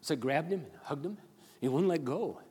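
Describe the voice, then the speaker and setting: An older male pastor tells a story from the pulpit, earnest and halting, doubling back over his own words. His voice sits slightly high for a man. A long hall reverb trails each phrase. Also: animated, darkish tone, breathy edge. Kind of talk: sermon storytelling.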